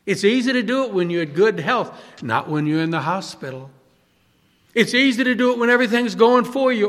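A male pastor preaching an impassioned sermon, swinging from loud pleading to hushed, soft passages. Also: high voice, animated, normal speed, long reverb tail.

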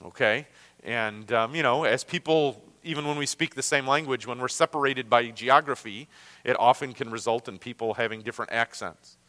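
A man with a Great Lakes American accent teaching a Bible lesson in an easy, conversational way, often pausing on fillers and restarting his sentences. His voice is bright and carries, and it rings out with a long reverb like a large hall. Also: medium pitch.

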